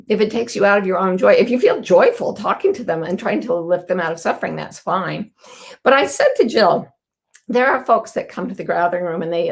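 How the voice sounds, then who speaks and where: A woman's voice: medium pitch, gravelly. Earnest woman host talking casually. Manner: warm, earnest, storytelling with quoted voices. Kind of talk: casual live-stream talk.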